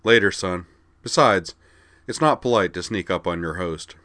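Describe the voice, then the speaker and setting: A man's voice: low voice, normal speed, bright, forceful tone, no room sound. A man reading a story aloud, voicing a blunt, wry adult male starship pilot and father in a slightly raised voice.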